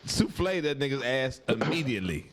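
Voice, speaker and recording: Animated, lively-voiced male podcast host. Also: mid-range voice, fairly quick, background noise. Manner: animated, laughing, profane, does mocking voices. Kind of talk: casual comedic podcast banter.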